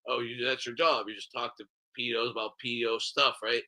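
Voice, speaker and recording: A man co-hosting a casual podcast, ranting in an animated way, swearing a lot and acting out what others said. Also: mid-range voice, normal speed, few pauses. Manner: animated, swears a lot, acts out quoted voices. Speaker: podcast co-host.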